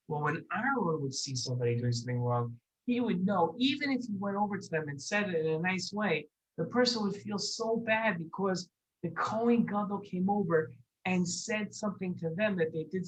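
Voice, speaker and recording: A children's Torah teacher telling a lesson story, gentle and repeating words for emphasis. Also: mid-range voice, rough recording.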